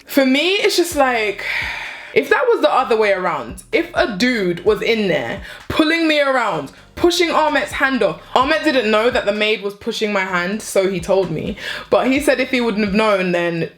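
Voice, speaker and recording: Animated woman telling an exasperated story. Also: medium pitch, normal speed. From born in the UK, raised in New Jersey and Florida. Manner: animated, exasperated storytelling with repeated rhetorical questions. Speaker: vlogger. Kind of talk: story time, casual chat.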